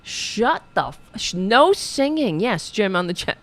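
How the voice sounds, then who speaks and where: A woman's voice: mid-range voice, very animated, measured pace. A woman hosting a political show, ranting in a profane, sarcastic, exasperated way while reading viewers' chat.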